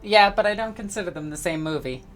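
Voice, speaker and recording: Low-voiced giggly woman player. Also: lively intonation, fast, soft background music. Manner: giggly, teasing. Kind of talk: casual tabletop play.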